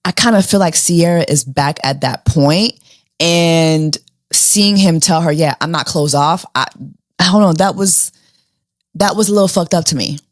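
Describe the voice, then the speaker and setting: A woman's voice: on the low side, moderate pace, no room sound. Sassy slangy woman, dry close mic. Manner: sassy, slangy, rhetorical questions, animated. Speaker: show host. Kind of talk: casual reality TV recap commentary.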